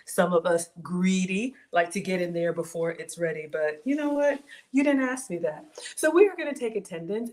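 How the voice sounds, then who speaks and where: A woman's voice: fairly low pitch, a little mellow. A middle-aged woman hosting a casual home cooking livestream, playful and chatty as she greets viewers by name. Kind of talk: casual live cooking stream chat. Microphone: streaming from home setup.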